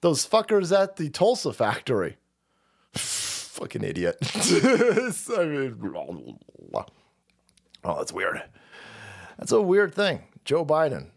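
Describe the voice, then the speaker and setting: High, gravelly, mocking male ranter. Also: wildly swooping pitch, slow pace, long pauses. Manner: mocking, crude, laughs at own jokes; rambling, trails off and mutters asides. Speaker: streamer host. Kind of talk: profane political rant.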